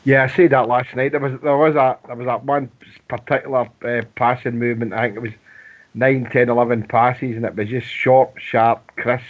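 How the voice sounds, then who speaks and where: A man's voice: medium pitch, level tone, normal speed. Man hosting fan radio. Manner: rambling, friendly, many restarts. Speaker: radio show host. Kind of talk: casual fan radio chat. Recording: phone-like narrow band.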